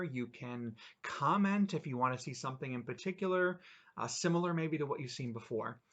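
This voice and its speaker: A man's voice: medium pitch, animated, moderate pace, fairly bright tone, lo-fi sound. A man hosting his channel, reading his own short stories aloud with offhand asides.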